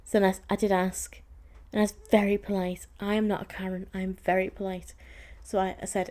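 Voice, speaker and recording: A woman's voice: mid-range voice, level tone, brisk, mellow. A young woman hosting a podcast, chatting casually as she tells a story with plenty of "like"s and some exasperation. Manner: chatty and exasperated, with frequent "like" fillers. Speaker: podcast host.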